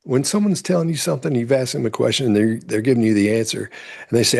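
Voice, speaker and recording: A man explains behavior cues in a calm, teaching tone. His voice is gravelly with a husky edge. He speaks like a commentator walking viewers through footage. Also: medium pitch, fast. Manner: explanatory, instructive. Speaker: body language analyst. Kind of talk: commentary over courtroom clips.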